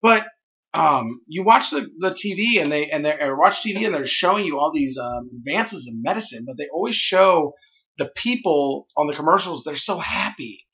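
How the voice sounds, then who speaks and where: A man's voice: on the high side, lively intonation, normal speed, bright, forceful tone. A man co-hosting a podcast, crude and joking as he riffs on drug commercials in casual chat. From Missouri. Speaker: podcast co-host. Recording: dull lo-fi podcast audio.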